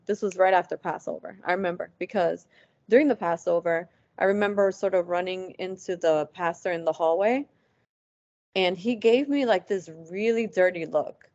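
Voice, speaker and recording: Low-voiced woman telling her story. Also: moderate pace, darkish tone, no echo. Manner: quotes past dialogue, lots of "like" fillers. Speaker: interview guest. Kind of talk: casual personal storytelling. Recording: dull lo-fi, dry sound.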